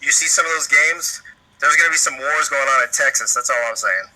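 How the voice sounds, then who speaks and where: A man with a very bright, sharp, slightly high voice, co-hosting a live stream in an easygoing, chummy way. His sound has an old-fashioned, radio-like filtered tone. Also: fairly quick, low-quality recording. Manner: upbeat, calls viewers "bro", reads chat names. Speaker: co-host. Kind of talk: casual livestream chat.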